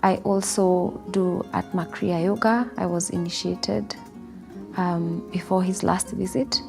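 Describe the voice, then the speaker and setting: A woman's voice: fairly low pitch, steady tone, a little slow, vocal fry. A woman telling a personal spiritual testimony, earnest and storytelling, acting out her own past words. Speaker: devotee sharing testimony. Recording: soft guitar music underneath.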